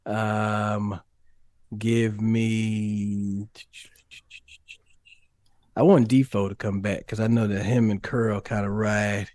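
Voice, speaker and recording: Sex: man. Role: podcast guest, former football receiver. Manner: animated storytelling, frequent laughter. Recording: dry, close. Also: slow, long pauses, no room sound. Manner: animated storyteller, laughs often, sudden rises in pitch. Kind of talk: casual podcast chat and storytelling.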